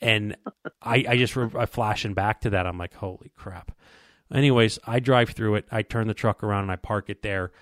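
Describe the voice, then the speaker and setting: A man's voice: fairly low pitch, steady tone, fairly quick, fairly bright tone, dry recording, studio quality. A man casually telling a long hunting story, rambling and stumbling over repeated words while acting out what people said to him.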